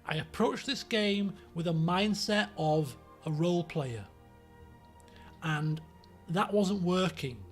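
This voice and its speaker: A man's voice: sits high, slow, faint music behind. A man with a Yorkshire accent, chatting casually on his stream, rambling with many fillers and restarts. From Yorkshire, England. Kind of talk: casual chat.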